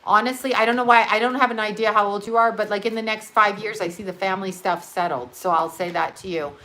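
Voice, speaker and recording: A woman's voice: mid-range voice, steady tone, quick pace, pushed and bright, a little hiss or hum, poor audio. A middle-aged woman giving a casual astrology reading, chatty and rambling, swearing and laughing often, sounding tired. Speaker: psychic astrology reader.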